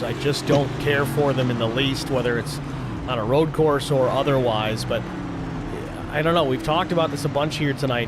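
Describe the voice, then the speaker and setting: A man hosting and calling a sim race play-by-play in a brisk, matter-of-fact way. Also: medium pitch, heavy background noise. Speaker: play-by-play host. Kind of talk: sim racing play-by-play commentary.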